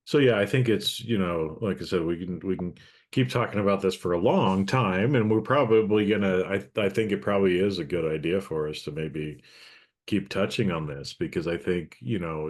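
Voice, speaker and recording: A man's voice: low-pitched, normal speed. A man hosting a podcast, speaking earnestly and reflectively, often checking in with "right?". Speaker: podcast host. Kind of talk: casual conversation.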